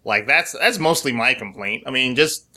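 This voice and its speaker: A man's voice: medium pitch, lively intonation, moderate pace, sharp tone. A man co-hosting a podcast, talking bluntly and swearing freely in casual chat. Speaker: podcast co-host.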